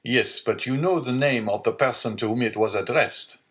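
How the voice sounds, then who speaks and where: A man's voice: medium pitch, normal speed, lightly acted. A man voicing a stern male magistrate who hides his panic in a read-aloud storybook, with a curt, commanding delivery.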